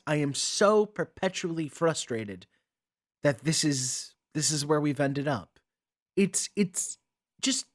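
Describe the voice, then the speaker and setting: A man hosting a commentary channel, ranting with exasperated sarcasm and often repeating words as he starts a sentence. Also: fairly high pitch.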